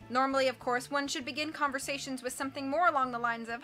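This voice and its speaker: A woman with a high, bright voice reads a children's novel aloud, slipping into a different voice for each character. She reads with lively energy, and faint music plays behind her. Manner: lively, animated reading with quick character voices and occasional slips. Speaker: audiobook reader.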